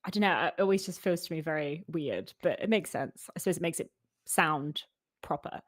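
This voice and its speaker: A woman's voice: low-pitched, animated, fairly quick. A young British woman learning in a casual lesson, giggly and chatty, repeating words back.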